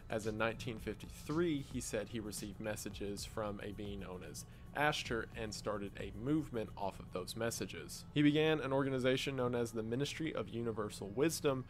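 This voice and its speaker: A man narrating an explainer video in a scripted, explanatory way with dry, wry asides. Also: mid-range voice.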